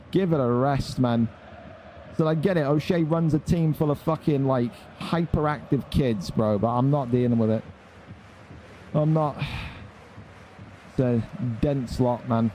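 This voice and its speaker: During an esports tournament stream, an irritated young man swears and scolds his chat in an angry rant. His voice is a little high and warm, with slight background noise.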